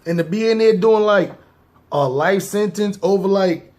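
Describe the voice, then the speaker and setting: A man's voice: high voice, moderate pace, a little mellow. Slang-heavy man telling street stories. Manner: loose slang-heavy talk, often addressing listeners as "y'all"; acts out scenes in asides and mock voices. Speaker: podcast host. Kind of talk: casual street storytelling to viewers.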